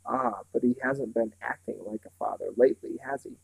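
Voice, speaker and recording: A smooth, menacing villain from a storybook, as a man reading aloud puts him on, talking down to children in a bland, patronizing way. His voice is gravelly and a little husky, and it sounds close and dry. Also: medium pitch, no room sound, poor audio. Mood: condescending. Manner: bland, condescending, slow and patronizing.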